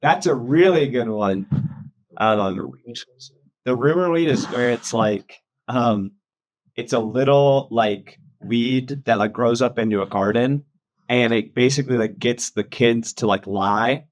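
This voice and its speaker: A man's voice: medium pitch, measured pace. Chatty man teaching a casual Bible study. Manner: chatty, laughs often, many fillers like "um" and "like".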